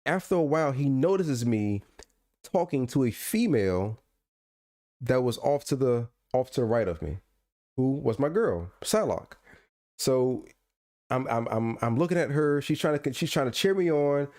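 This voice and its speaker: A man's voice: medium pitch, normal speed. A man co-hosting a podcast in casual chat, telling stories and ranting playfully, often repeating himself. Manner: animated storyteller, repeats and restarts, playful rants. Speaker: podcast co-host.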